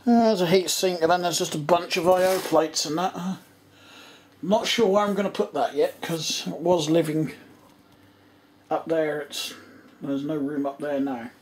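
A man's voice: on the high side, fairly even intonation, a little slow, a little hiss or hum. Rambling English man muttering to himself. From England. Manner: rambling, muttering to himself, trailing off mid-thought. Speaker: vlogger. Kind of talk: casual running commentary while tidying.

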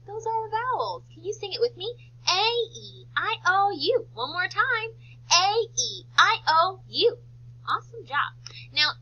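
High, lively woman teaching phonics. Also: highs cut off. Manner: encouraging, sing-song, sounds out letters. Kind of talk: phonics lesson for young children.

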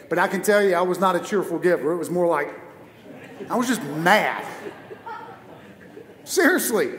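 A man's voice: high-pitched, a bit bright. A man preaching as a guest speaker in a church auditorium, telling a personal story with humor and energy. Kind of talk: sermon. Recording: echoey church hall.

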